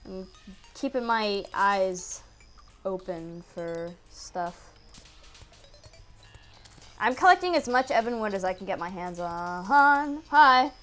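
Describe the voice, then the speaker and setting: A woman giving casual let's-play commentary, excitable, yelping at enemies and muttering to herself. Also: medium pitch, takes it slowly, long pauses, faint music behind. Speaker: gaming video creator.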